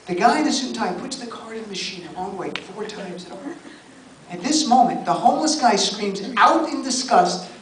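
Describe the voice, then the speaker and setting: A man's voice: sits high, animated, brisk. A man from New Jersey doing a stand-up set, chatting with the audience and firing off mock-exasperated asides. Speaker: stand-up comedian. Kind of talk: stand-up comedy set with crowd work. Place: comedy club stage, live audience. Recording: roomy club sound from a distance, loud crowd and noise. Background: audience laughter and chatter.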